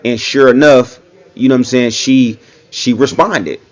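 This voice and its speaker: A man's voice: medium pitch, steady tone, a little slow, muffled recording. A young man giving casual reaction commentary, talking loosely and often saying "you know what I'm saying.".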